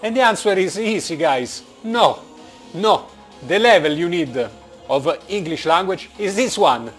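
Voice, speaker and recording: Animated Italian-accented man, slightly high voice. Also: unhurried, faint music behind. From Italy. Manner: animated, joking, blunt, with frequent fillers. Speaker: vlogger. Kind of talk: casual vlog monologue. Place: indoors, working in Germany.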